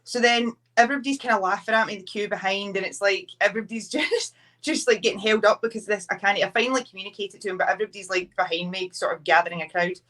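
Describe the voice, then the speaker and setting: A woman's voice: mid-range voice, quick pace, fairly bright tone. A young Scottish woman, a guest wrestler, chatting casually on a podcast and acting out quotes as she tells stories. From Scotland. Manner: chatty storyteller, acts out quotes.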